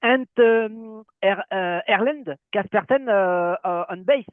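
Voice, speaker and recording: A man's voice: sits high, takes it slowly, dry recording. A man with a French accent hosting an interview, asking questions with many fillers and restarts. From France. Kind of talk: casual interview. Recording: tinny phone-like call line.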